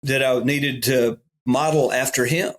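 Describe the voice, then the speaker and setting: A middle-aged pastor from Alabama, with a Southern US accent, tells folksy stories during a podcast interview. His mid-range voice moves at a measured pace and turns animated when he quotes other people.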